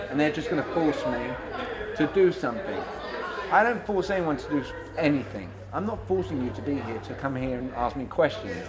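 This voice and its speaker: A man giving a blunt, animated sales-training talk to a live audience, acting out both sides of conversations. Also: fairly high pitch.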